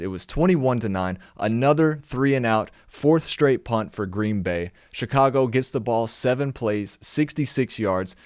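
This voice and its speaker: A man's voice: lowish voice, clean tone, no room sound, studio quality. A young man hosting a casual live-stream recap, reading from his notes and firing off exasperated rhetorical questions. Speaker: podcast host recapping games.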